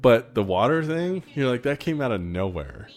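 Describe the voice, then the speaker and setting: A man co-hosting a casual film commentary, chatty and quick to laugh, with excited asides. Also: medium pitch.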